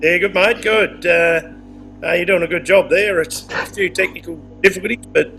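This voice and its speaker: A fairly high-voiced man joins a casual chat over his phone. He talks bluntly and in a laid-back way, stumbling over his words now and then, with faint music under him. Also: fairly even intonation, moderate pace, creaky, pushed and bright. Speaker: co-host.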